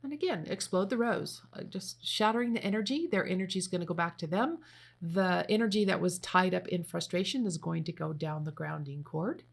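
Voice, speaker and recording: Female meditation leader, low gravelly voice, slow gentle instructions. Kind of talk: guided meditation.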